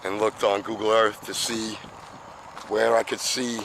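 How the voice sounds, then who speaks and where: A man's voice: lowish voice, little pitch movement, measured pace, vocal fry, noisy background. A man in his fifties talking casually while walking outdoors on a seaside boardwalk, a little out of breath, rambling in an easygoing way. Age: 50s. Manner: rambling, self-chatting, easygoing. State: slightly out of breath. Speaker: vlogger.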